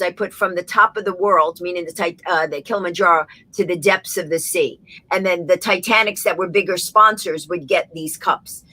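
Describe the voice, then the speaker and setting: Bright, husky New York woman. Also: fairly low pitch, no room sound, poor audio. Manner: rapid, acts out every voice in her stories. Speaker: guest. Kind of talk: animated anecdotal storytelling.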